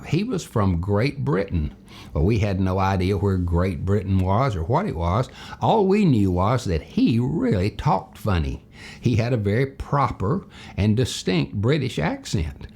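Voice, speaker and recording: Older man, husky, animated, folksy storyteller, wide pitch swings. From Tennessee. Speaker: storyteller teacher. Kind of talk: childhood story for a character lesson.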